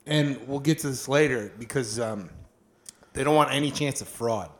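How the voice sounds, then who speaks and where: A young man on a podcast, talking in a relaxed, rambling way. He swears freely and fills his sentences with "like" and "um". His voice sits in the middle range for a man. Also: medium pitch, moderate pace, a crowd in the background. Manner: loose and profane, full of fillers, acts out quotes. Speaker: podcast co-host. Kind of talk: casual chat.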